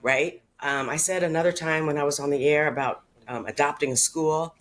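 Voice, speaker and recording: A woman's voice: sits low, fairly even intonation, brisk. A woman speaking earnestly and from the heart as a regular on a radio talk show, in casual conversation. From Chicago area. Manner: earnest, heartfelt, tearful at times.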